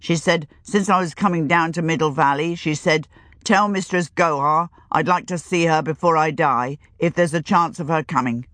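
A woman's voice: deep voice, moderate pace, a bit bright, dry recording. A woman reading the part of a smirking middle-aged male sheep dealer, with an offhand delivery.

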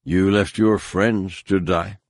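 A man voicing a cold, contemptuous male schemer who speaks calmly and taunts. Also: low-pitched, no room sound, clean studio sound, heavily acted. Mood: cold taunting. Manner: calm, measured, taunting.

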